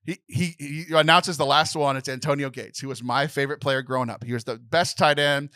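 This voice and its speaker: A man's voice: mid-range voice, steady tone, brisk, bright, forceful tone, no echo. A young man co-hosting a podcast in casual chat, emotional and close to tears, rambling with many restarts. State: tearful. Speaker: podcast co-host.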